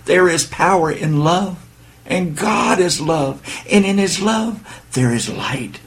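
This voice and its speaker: A man voicing Jesus in a guided devotional meditation, speaking gently, solemnly and reassuringly. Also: a little high, lively intonation, slow, breathy edge, exaggerated voice. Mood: loving. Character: gentle loving male Jesus, calm and assured.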